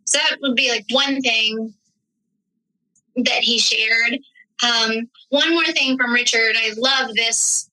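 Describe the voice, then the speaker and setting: Woman guest on a studio podcast, high, very bright tone, reflective storyteller. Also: steady tone, slow pace, pauses often, low-quality recording. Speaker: actress, writer and director guest. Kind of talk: podcast interview.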